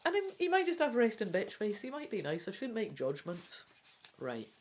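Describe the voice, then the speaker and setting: A woman's voice: medium pitch, wildly swooping pitch, normal speed. A woman reading a gamebook aloud and chatting through her choices, with self-mocking asides and the occasional whisper. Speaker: gamebook reader.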